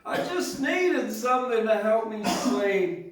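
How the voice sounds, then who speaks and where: A man's voice: sits high, sing-song, takes it slowly, voice pushed up, full character voice. A man impersonating the ghost of a famous pop star, reciting rhymed verse in a lilting, sing-song way. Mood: plaintive. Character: ghost of a famous singer, soft high male pop star. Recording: roomy hall from a distance.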